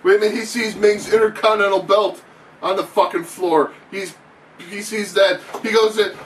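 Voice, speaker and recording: High-voiced man calling mock wrestling. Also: moderate pace, far from the mic. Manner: excitable announcer patter, swearing often. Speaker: channel host. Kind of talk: mock wrestling play-by-play commentary. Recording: echoey room, off-mic, faint noise.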